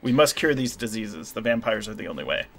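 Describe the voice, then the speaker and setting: A man's voice: on the low side, sing-song, quick pace, fairly bright tone, a little hiss or hum. A man voicing a paranoid, sleep-deprived woman scientist who talks in a tense, guarded way. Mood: cold.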